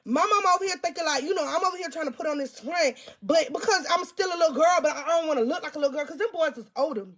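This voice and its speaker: A woman vlogger telling an embarrassing storytime. She is crude and self-mocking, talks straight to her viewers, and turns loud when she teases herself. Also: high voice, quick pace, hardly any pauses. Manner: animated, loud bursts when teasing herself. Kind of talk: storytime vlog.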